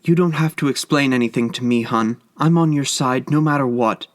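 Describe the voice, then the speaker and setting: A man's voice: mid-range voice, a little fast, dry recording, studio quality, lightly acted. A man doing a tearful, soothing wife. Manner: soothing, pleading. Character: tearful devoted wife, middle-aged woman.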